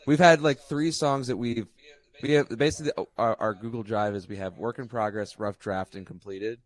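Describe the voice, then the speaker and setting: A man from Georgia, a songwriter guest, talking in animated chat and acting out little scenes. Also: on the low side, moderate pace. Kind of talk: casual interview chat.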